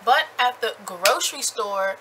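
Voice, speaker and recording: A young woman recapping a book in a chatty, animated way with lots of fillers. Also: on the high side, a little slow, a little hiss or hum, low-quality recording. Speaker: book reviewer.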